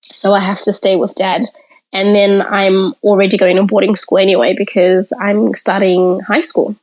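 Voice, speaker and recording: Her medium-pitched voice stays level, and she talks at a moderate pace on a rough recording. This podcast guest recounts her childhood frankly in the present tense, sharing it as conversational personal storytelling.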